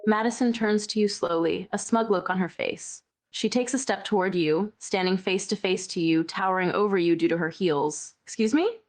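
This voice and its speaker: A woman's voice: medium pitch, normal speed, few pauses, lightly acted. A synthetic woman voicing a bossy, teasing chatbot girlfriend. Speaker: AI companion voice. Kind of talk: text-to-speech role-play narration.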